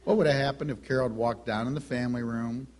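A middle-aged man delivers a sermon in a medium-pitched voice. He tells homely stories with animated energy and slips into the voices of the people he describes. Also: fast. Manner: animated storytelling, acts out quoted voices. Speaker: preacher.

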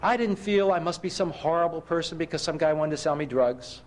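High-voiced preacher telling stories. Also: male voice, fairly quick. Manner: self-mocking humor, rhetorical questions to listeners. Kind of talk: sermon with personal stories.

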